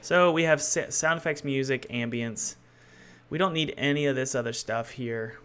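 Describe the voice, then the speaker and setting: A man's voice: medium pitch, moderate pace, fairly bright tone, clear, resonant tone. Guy live-streaming his coding, rambly, keeps restarting sentences and talking to chat. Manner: rambling, loose and self-correcting; thinks aloud while working. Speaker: game developer streaming his work.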